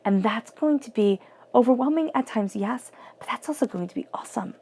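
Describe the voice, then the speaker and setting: Woman, tarot reader, gravelly low fry, mellow tone, flowing and searching, repeats herself. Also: expressive, brisk, slight background noise. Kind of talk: spoken tarot reading.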